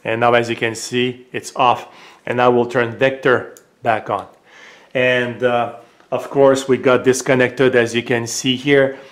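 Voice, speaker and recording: A man with a French accent, casually demonstrating a gadget at home, hesitant with many filler pauses. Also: mid-range voice, flat delivery, roomy sound. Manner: raises voice for voice commands. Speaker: tech reviewer. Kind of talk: casual product demo. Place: home room.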